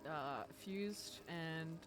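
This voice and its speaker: A man's voice: fairly high pitch, extremely slow. A young man streaming a game, chatting casually with his viewers in a giggly, teasing way. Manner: giggly, playful teasing of chat. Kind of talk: casual game livestream chat.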